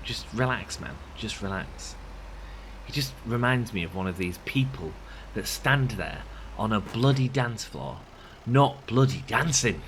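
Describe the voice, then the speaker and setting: A man's voice: lowish voice, expressive, moderate pace, fairly bright tone, a little hiss or hum. A man in his thirties, a gaming channel host, rambling through chatty anecdotes while playing, slightly sick. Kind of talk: casual let's play commentary.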